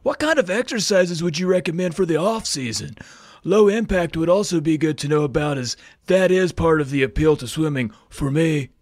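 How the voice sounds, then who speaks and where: A man's voice: fairly high pitch, lively intonation, normal speed, darkish tone, dry recording, studio quality, pitched above the performer's own voice. A man putting on a laid-back, drawling surfer-dude voice in the style of a famous actor, as a podcast comedy bit. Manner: drawling, easygoing.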